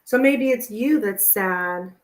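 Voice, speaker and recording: A woman's voice: medium pitch, slow pace. A woman giving a live tarot reading, chatting with viewers and thinking aloud with lots of "like.". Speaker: tarot reader.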